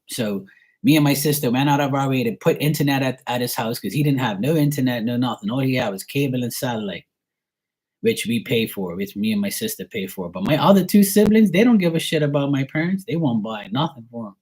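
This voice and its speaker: A man's voice: medium pitch, a little fast, darkish tone, breathy edge. A man in his forties from Bermuda, telling a personal story in a rambling, blunt, heavily profane way with many fillers. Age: 40s. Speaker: tarot reader streaming live.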